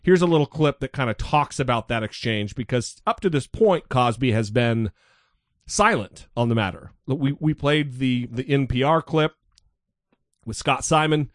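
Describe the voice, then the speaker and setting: A man's voice: mid-range voice, normal speed, no echo, studio quality. A man co-hosting a podcast, talking casually and mocking the news with sarcasm. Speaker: podcast co-host.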